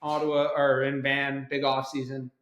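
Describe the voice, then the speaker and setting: A man co-hosting a casual sports podcast, steady and steering the talk, with frequent ums. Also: medium pitch, moderate pace, lo-fi sound. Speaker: podcast co-host. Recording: echoey room.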